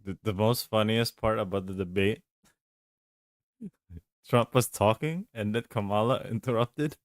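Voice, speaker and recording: A man's voice: on the low side, big pitch swings, a little slow, long pauses, dry recording, clean studio sound. A man streaming a game and chatting casually, rambling and laughing along the way. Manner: rambling, laid-back, chuckles often. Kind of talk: casual gaming stream chat.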